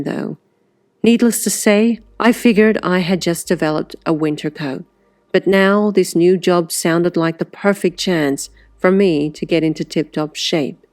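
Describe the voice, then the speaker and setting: Audiobook narrator, woman, low-ish voice, conversational and wry; dry read. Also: darkish tone, no echo. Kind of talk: first-person storybook narration.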